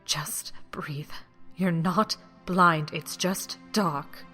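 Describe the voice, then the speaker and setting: A man's voice: a little high, steady tone, slow pace, soft background music. A man voicing a frightened young princess whose pleas come out faint and whimpering. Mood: panicked.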